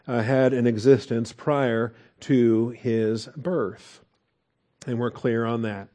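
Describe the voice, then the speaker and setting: A man's voice: a little high, warm tone. A middle-aged man preaching a conversational sermon, asking rhetorical questions and growing emphatic. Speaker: pastor.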